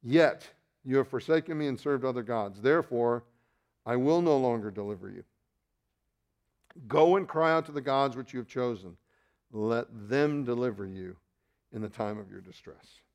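A man preaching a sermon as pastor, shifting between loud emphatic rises and quiet asides, with self-deprecating remarks and restarts. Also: medium pitch, normal speed, lo-fi sound.

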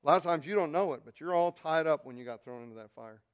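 A male pastor preaching a sermon, telling a story and swinging from quiet, intimate asides to loud, shouted peaks. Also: fairly high pitch, expressive, quick pace, clean tone.

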